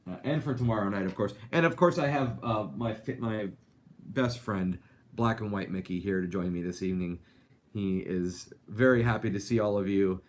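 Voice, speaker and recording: A man's voice: on the low side, slight background noise. A man hosting a live animation talk show, chatting casually and reading out viewer comments with lots of fillers. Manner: chatty, upbeat, rambling with many fillers.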